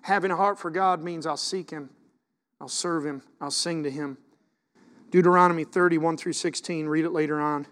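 A middle-aged pastor delivers a sermon in a high, lively male voice. He reads scripture aloud and moves from soft asides to loud bursts of preaching. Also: moderate pace, in a large hall.

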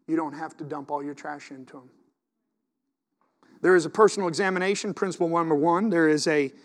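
A middle-aged man with a high voice preaches a sermon. He talks to the congregation conversationally, asks them questions, and swings between emphatic points and soft, hushed asides. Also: fairly even intonation, brisk. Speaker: pastor.

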